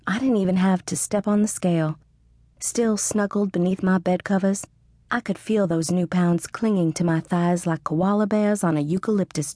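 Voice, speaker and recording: A woman's voice: on the low side, mellow, no echo, studio quality. A woman reading a first-person audiobook narration in a wry, sarcastic manner. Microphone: studio close mic.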